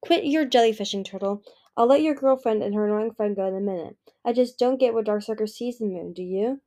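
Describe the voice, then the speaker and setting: A woman's voice: medium pitch, fairly quick, dark tone, close to an everyday voice. A woman voicing a spoiled, bossy young female dragon who talks in a dismissive, scornful way.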